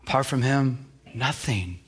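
A man's voice: mid-range voice, unhurried, breathy edge. A man preaching a sermon as pastor, with many restarts, who acts out the voices he quotes.

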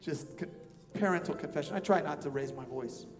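A man preaching with a notably high voice, pressing his points through repetition and shifting between hushed and forceful delivery. His voice rings through a church hall with a long reverb tail. Soft music plays faintly underneath. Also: brisk. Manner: emphatic, repeats phrases, swings between soft and loud. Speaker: pastor. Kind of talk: sermon.

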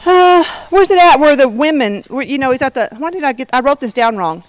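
A woman's voice: sits high, animated, a little fast, no room sound, rough recording. A woman leading an informal Bible study, chatty and jokey, often breaking off mid-sentence. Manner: chatty, self-interrupting, jokey asides.

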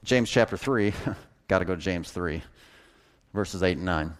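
A man preaching a sermon as a pastor, folksy and animated, chuckling at his own jokes. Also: low voice, a little slow, pauses often, clean tone.

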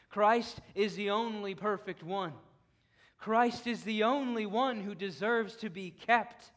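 A preacher delivering a sermon in a notably high, unhurried voice. He moves between ringing declarations and quiet, solemn stretches that sink almost to a murmur. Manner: fervent, dramatic preaching that drops to a hushed, solemn voice.

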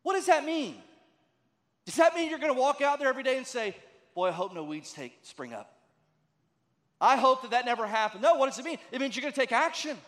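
A man's voice: extremely high pitch, fast talker, a bit bright. A man preaching a sermon as a pastor, conversational and emphatic, with many rhetorical questions. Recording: long reverb of a large hall.

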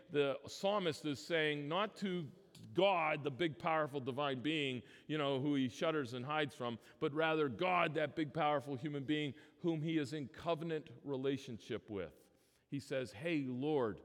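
A man preaching a sermon as pastor, earnest and emphatic, often restarting his phrases. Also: a little high. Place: church sanctuary. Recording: long church reverb.

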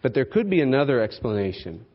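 A man's voice: medium pitch, very animated, fast. A man preaching a sermon in a conversational way, asking his congregation rhetorical questions and tagging lines with "okay?" and "right?". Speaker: pastor. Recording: slightly dull lo-fi sermon recording.

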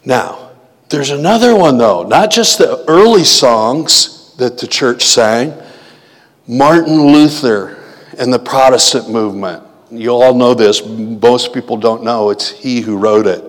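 A man's voice: mid-range voice, animated, slow pace. A man preaching a sermon, reading hymns and scripture and asking the congregation questions. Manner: teaching, asks the congregation questions. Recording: long hall reverb.

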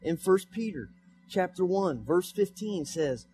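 A man's voice: high voice, animated, unhurried, over music. A young man preaching a sermon in church, repeating his points with rising emphasis. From United States. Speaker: pastor. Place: church sanctuary.

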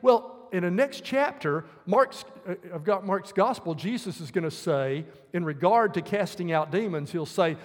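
Male preacher, high voice, earnest verse-by-verse sermon, long hall reverb. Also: expressive, moderate pace, few pauses. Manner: earnest, explaining scripture verse by verse.

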